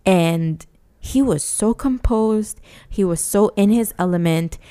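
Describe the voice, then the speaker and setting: A woman's voice: mid-range voice, takes it slowly, dark tone, clear, resonant tone. A woman co-hosting a podcast, talking earnestly and with rising indignation, with frequent restarts. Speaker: podcast co-host. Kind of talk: casual chat.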